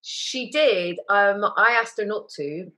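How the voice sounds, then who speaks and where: A woman, a guest on an interview, talking openly and emotionally with lively retellings. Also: medium pitch, takes it slowly. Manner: emotional, candid, animated retelling. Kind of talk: casual interview chat.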